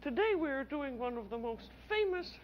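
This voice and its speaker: A woman's voice: high-pitched, very animated, normal speed, slight background noise. An older woman hosting a cooking demonstration on an old television show, with a warbling, sing-song delivery. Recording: dull lo-fi old television audio.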